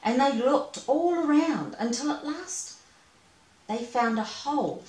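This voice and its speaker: A woman reading a children's storybook aloud, gentle and expressive with playful asides. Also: high voice, a little slow, distant mic. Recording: echoey room, away from mic.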